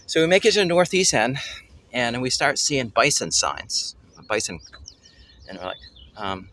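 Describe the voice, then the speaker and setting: A man hosting a family travel show, telling a story casually and excitedly, often pausing to search for words. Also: mid-range voice, a little hiss or hum. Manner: excitable, gropes for words, exclaims "holy cow".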